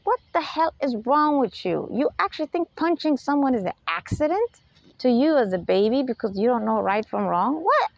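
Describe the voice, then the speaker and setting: A woman with a somewhat high, gravelly voice gives an unscripted spiritual lecture. She talks emphatically and keeps firing rhetorical questions at her listeners. The sound is dry and dull, a lo-fi recording. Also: very animated, moderate pace, dry recording. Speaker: spiritual talk host.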